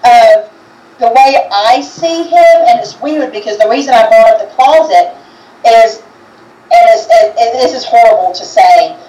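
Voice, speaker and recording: A woman co-hosting a casual chat, describing what she senses in a hesitant, halting way with many restarts. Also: fairly high pitch, expressive, dark tone, reverberant, far from the mic, poor audio. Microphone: video call.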